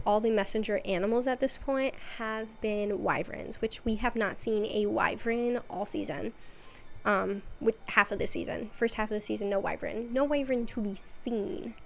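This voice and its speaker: A woman's voice: fairly high pitch, normal speed, gravelly, a little hiss or hum. A woman hosting her own video, giving a chatty, casual recap full of "like" and wry asides. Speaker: video essay host.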